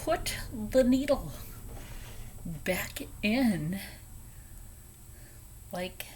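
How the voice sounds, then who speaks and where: A woman hosting a casual step-by-step sewing tutorial, chatty and playful, dropping into soft whispered asides as she works at a home sewing table. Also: medium pitch, sing-song, very slow, slight background noise. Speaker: sewing channel host.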